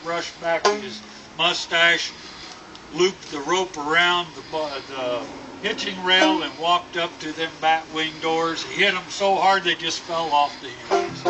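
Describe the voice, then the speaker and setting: A man slowly telling a long cowboy joke as a storyteller. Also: fairly high pitch, distant mic, low-quality recording. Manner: slow, drawn-out storytelling. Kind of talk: telling a tall-tale joke.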